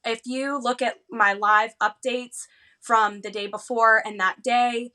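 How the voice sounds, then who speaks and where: Woman guest, 30s, American, vivid storyteller, bright tone. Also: a little high. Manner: animated, fast retelling with lively quoted dialogue. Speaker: interview guest. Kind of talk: emotional personal storytelling.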